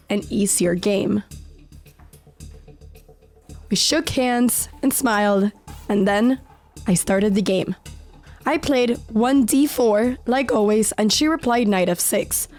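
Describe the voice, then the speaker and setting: A woman narrating her own chess game in a calm, measured voice-over, slightly sick with an occasional crack in her voice. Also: on the high side. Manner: calm, measured storytelling of moves. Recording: voice-over with faint background music.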